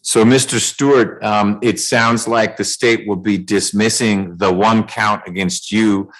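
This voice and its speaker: A man presiding as judge over a remote court calendar hearing, speaking in a measured way with dry jokes, over a video call. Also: fairly low pitch, fairly even intonation, fairly bright tone, rough recording.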